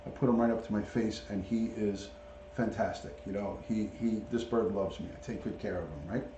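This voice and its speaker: This middle-aged man, a retired police detective, talks a little fast in a fairly low, steady voice while hosting a casual livestream from home. He chats with viewers by name and shows off his pet parrot. The sound is lo-fi, with background noise and an echoey room.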